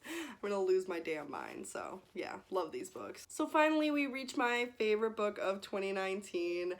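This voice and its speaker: A young woman in her twenties talks straight to her viewers about books she loves, gushing, laughing and on the edge of tears. Her voice sits at a middle pitch, and her words tumble out in casual, emotional bursts. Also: sing-song, normal speed. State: teary, close to crying. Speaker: book vlogger. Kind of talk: casual vlog chat.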